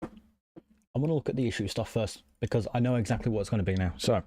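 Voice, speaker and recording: A man's voice: lowish voice, quick pace, mellow, dry recording. A man streaming live while he works on a computer build, thinking aloud, answering chat and often apologizing. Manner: apologetic, self-conscious.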